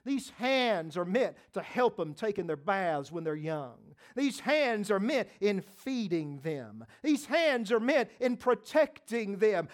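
High-voiced preacher with dramatic swings. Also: male voice, sing-song, takes it slowly, hardly any pauses. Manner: dramatic swings between loud emphasis and soft hushed lines; repeats phrases for emphasis. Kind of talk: sermon.

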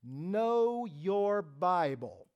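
A man preaching a sermon, swinging from loud, emphatic lines to soft, hushed ones and repeating phrases for emphasis. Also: sits high, very animated, drawn-out words, muffled recording.

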